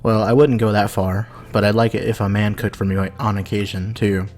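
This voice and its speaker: A man's voice: lowish voice, little pitch movement, fairly quick, darkish tone, soft background music, lightly acted. A man voicing an earnest young woman android from a visual novel, speaking in a patient, reasoning way.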